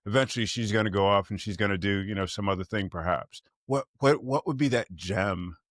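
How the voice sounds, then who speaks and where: Low-voiced thoughtful podcast host. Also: male voice, brisk, fairly bright tone, no room sound, studio quality. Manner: thoughtful, repeats himself as he works out a question. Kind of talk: interview questions.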